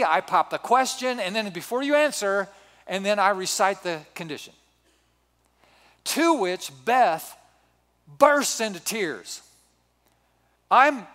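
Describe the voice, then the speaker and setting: Older guy pastor telling a story, kinda high voice, joking at himself, big echoey hall. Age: 60s. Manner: animated, self-mocking humor. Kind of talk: sermon storytelling. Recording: reverberant hall.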